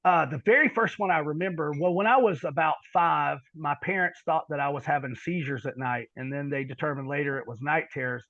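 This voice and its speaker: A middle-aged man telling a long personal story on a podcast, halting and repeating words, then dropping into quiet asides. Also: a little high, dry recording, muffled recording. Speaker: podcast guest. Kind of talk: storytelling in conversation.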